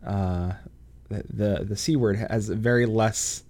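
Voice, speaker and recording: A man's voice: fairly low pitch, steady tone, unhurried, darkish tone. A man from the United States hosting a casual podcast chat, joking and laughing often, with plenty of restarts. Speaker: podcast host.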